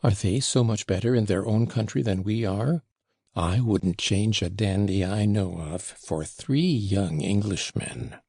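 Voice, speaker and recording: Audiobook: man doing an admiring, coaxing young woman, gravelly husky read. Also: on the low side, very animated, a little slow, mellow, no room sound, clean studio sound, exaggerated voice. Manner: insinuating, coaxing. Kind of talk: audiobook reading.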